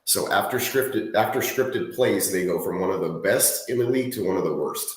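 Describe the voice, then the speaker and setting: Male podcast co-host, low voice, laid-back stat reader, echoey room. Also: moderate pace. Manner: laid-back, reads stats in a steady list. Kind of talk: casual sports chat.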